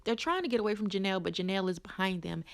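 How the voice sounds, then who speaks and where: A woman from from there, recapping a reality show in a sassy, animated, gossipy way. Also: mid-range voice, rapid-fire, creaky. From North Carolina. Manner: sassy, animated storytelling with exclamations.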